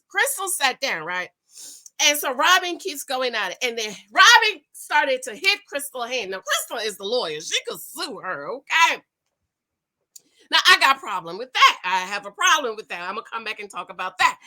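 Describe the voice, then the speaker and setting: A woman's voice: high voice, very animated, normal speed, sharp tone. A woman in her forties giving a chatty, sassy recap of a reality show, talking straight to her viewers. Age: 40s. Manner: chatty, sassy asides like "honey" and "girl". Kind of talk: casual commentary.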